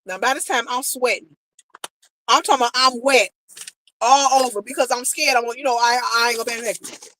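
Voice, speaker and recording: A woman's voice: fairly high pitch, quick pace, slight background noise, rough recording. An American woman vlogger telling a personal travel story to her viewers in a casual, emotional way, acting out what people said. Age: adult, married. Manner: emotional, animated retelling, quotes people, talks to viewers directly.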